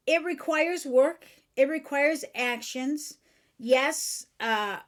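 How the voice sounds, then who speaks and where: A woman host giving a motivational self-help talk in a somewhat high voice. She speaks earnestly and frankly. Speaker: podcast host and author.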